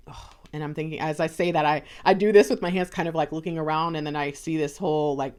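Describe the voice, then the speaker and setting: A woman's voice: low-pitched, steady tone, fast, darkish tone, smooth. A woman giving a casual tarot card reading, chatty, often acting out little conversations in other voices. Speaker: tarot reader.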